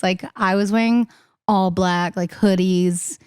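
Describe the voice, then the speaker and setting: A young woman in casual podcast chat as a singer-songwriter guest, talking fast and laughing, acting out the voices she quotes. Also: medium pitch, fairly even intonation, a little mellow, smooth, dry recording, clean studio sound.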